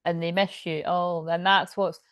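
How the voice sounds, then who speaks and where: Scottish lady doing a tarot reading, rambly and sweary, lowish voice, dry sound. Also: level tone, moderate pace, no echo. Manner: rambling, chatty, swears freely, laughs often. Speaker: tarot reader. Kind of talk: casual tarot reading to camera.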